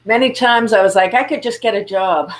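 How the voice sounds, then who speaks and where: A woman's voice: mid-range voice, moderate pace. A woman, a guest entrepreneur talking over a video call, telling stories animatedly and acting out quotes. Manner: animated storyteller, acts out quotes with laughs. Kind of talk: casual interview chat.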